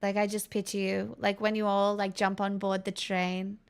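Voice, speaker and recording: A woman's voice: mid-range voice, monotone, moderate pace, smooth. A young woman livestreaming and chatting casually with her viewers in a playful, giggly, teasing way.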